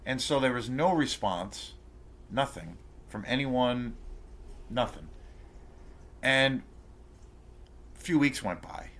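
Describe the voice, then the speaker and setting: A man's voice: mid-range voice, lively intonation, slow, long pauses, fairly bright tone. A man hosting his own channel, telling an indignant story in a rambling, profane way, full of fillers and restarts. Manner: indignant, outraged. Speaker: channel host ranting to camera. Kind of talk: casual rant vlog.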